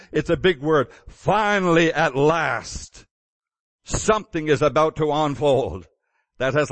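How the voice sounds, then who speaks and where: A man's voice: on the high side, a bit bright, no room sound. A man preaching a sermon in a conversational way, with chuckles and restarts. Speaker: pastor.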